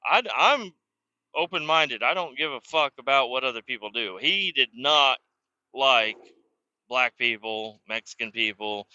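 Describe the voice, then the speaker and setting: A man's voice: mid-range voice, expressive, a little slow, sharp tone, dull audio. A man casually telling rambling, profanity-laden stories about his past while sitting in a car, chuckling now and then. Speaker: vlogger telling life stories. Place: inside a car while driving.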